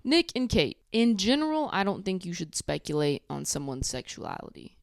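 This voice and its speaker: Woman host, sassy and blunt, lowish voice, dry recording; casual recap. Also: normal speed, vocal fry, no room sound. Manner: sassy, blunt, profane, animated storytelling.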